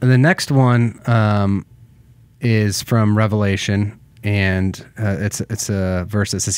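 A man's voice: lowish voice, flat delivery, slow, clean tone, no room sound. A man co-hosting a church podcast, rambling and self-deprecating, with many fillers. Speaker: podcast co-host. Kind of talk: casual church podcast chat.

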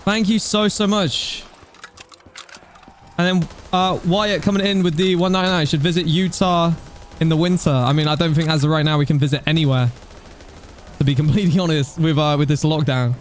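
A young man streaming a game, chatting casually and thanking donors, getting excited at times. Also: a little high, brisk, a little hiss or hum. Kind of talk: casual live-stream chat.

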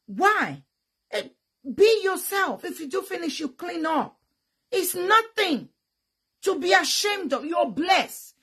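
A young woman with a Nigerian Pidgin English accent, talking frankly and bluntly to her viewers, with loud bursts and sound effects. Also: extremely high pitch, big pitch swings, slow pace. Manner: blunt and teasing. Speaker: vlogger. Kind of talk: frank casual talk to viewers.

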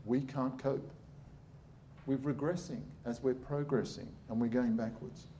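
A man's voice: mid-range voice, fairly even intonation, measured pace, warm tone, slight background noise. A middle-aged man, a surgeon giving a blunt, sarcastic public talk.

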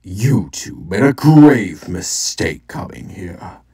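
A man voicing a hulking, contemptuous male monster warlord who delivers his threats slowly. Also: low voice, big pitch swings, warm tone, husky, exaggerated voice. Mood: menacing. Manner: slow, drawn-out threats.

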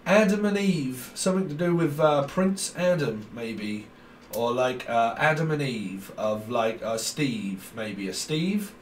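A man's voice: mid-range voice, animated, slow pace, recorded from a distance. A man giving a rambling, jokey tarot reading, free-associating and putting on silly voices. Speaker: tarot reader. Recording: roomy echo, set back from the mic, faint background noise.

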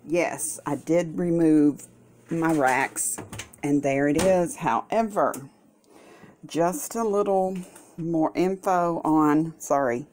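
A woman's voice: low voice, darkish tone, a little hiss or hum. A woman vlogging casually in her home kitchen, playful and doting, full of delighted exclamations. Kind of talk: casual cooking vlog.

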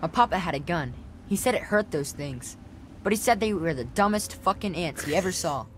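A woman's voice: on the low side, expressive, fairly quick, slight background noise, natural voice. A woman voicing a frightened young boy in a video game, pleading and whining for help. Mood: explaining. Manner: scared, whiny, breathless pleading.

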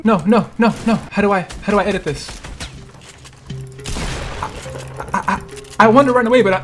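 Excitable young man yelping through gameplay. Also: high-pitched. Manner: excitable, panicky, yelps and shouts; repeats phrases, slangy "bro" and "dude". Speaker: gaming streamer. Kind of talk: live gameplay commentary.

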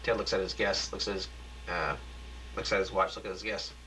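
A man's voice: low voice, level tone, pushed and bright, a little hiss or hum. A man narrating a homemade radio play with many stops and restarts. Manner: halting, frequent restarts. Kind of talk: amateur radio play reading.

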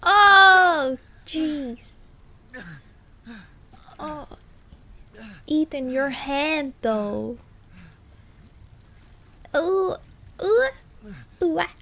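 A woman streamer doing panicky let's play commentary of a horror game, exclaiming and talking slowly between scares. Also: sits high, animated, pushed and bright. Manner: slow, drawn-out talk.

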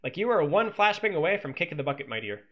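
A man's voice: sits high, lively intonation, quick pace, dull audio. A man coaching as he analyzes a game replay, teasing and sarcastic, cracking jokes between points. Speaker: esports coach.

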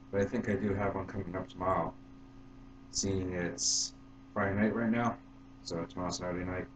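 Man, casual vlogger, low voice, very slow and halting delivery, roomy sound with a faint hum. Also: darkish tone, highs cut off. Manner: halting, unhurried, with fillers and restarts. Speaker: YouTube vlogger. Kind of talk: casual vlog to camera.

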